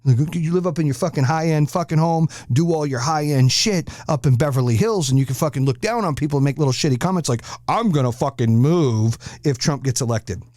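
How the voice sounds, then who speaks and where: A man's voice: a little high, fast talker, few pauses, darkish tone, dry recording, clean studio sound. A man hosting a podcast, delivering a blunt, aggressive monologue full of swearing. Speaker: podcast host. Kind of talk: profane ranting monologue.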